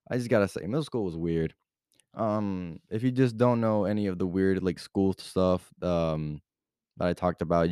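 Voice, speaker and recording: A man's voice: low-pitched, a little mellow, clean tone, no echo, studio quality. A young man hosting his own podcast, telling stories in a rambling, casual way full of filler words and swearing. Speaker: podcast host. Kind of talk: casual storytelling.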